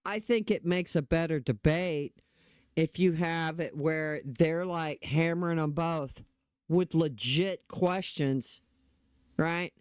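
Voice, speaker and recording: A man's voice: on the high side, takes it slowly, clean tone, no echo, studio quality. A middle-aged man talking politics in a casual, blunt, opinionated way, often restarting his sentences. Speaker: political commentator.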